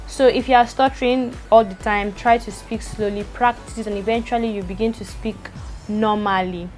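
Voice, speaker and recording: A young woman vlogger, talking fast to the camera, stuttering and repeating words as she goes. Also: fairly high pitch, fairly even intonation, faint music behind. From Nigeria. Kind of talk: personal talk to camera.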